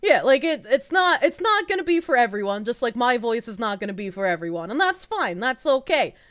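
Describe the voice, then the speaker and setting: A woman with a gruff, grating Boston accent talks in a high voice that leaps all over the place. She chats bluntly on a live stream, swearing freely and laughing often. The sound is close and dry. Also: sing-song, a little fast, fairly bright tone, dry recording. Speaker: VTuber streamer. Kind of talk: casual live-stream chat.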